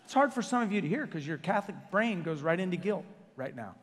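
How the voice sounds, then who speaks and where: A man preaching a sermon as senior pastor, joking and telling stories with quick self-corrections, in a church sanctuary. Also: sits high, in a large hall. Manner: jokey, animated storytelling with self-corrections.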